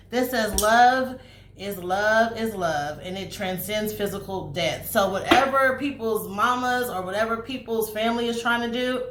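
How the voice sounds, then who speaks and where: A woman giving a casual tarot reading to camera, chatty and animated, swearing freely and acting out spirit messages. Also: mid-range voice. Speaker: tarot reader. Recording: echoey room, faint noise.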